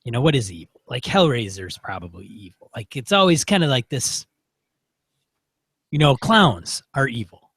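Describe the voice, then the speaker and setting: A man's voice: mid-range voice, expressive, normal speed, fairly bright tone, husky, no echo. A man co-hosting a gaming podcast, chatting casually and reading listener emails aloud. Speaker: podcast co-host. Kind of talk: casual chat.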